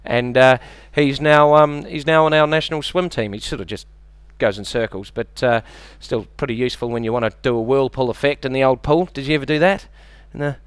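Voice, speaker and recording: A man with a New Zealand accent doing a deadpan, self-deprecating stand-up set and bantering with the audience on a club stage. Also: mid-range voice, fairly quick, hardly any pauses, clean tone, dry recording. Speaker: stand-up comedian. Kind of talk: stand-up comedy routine.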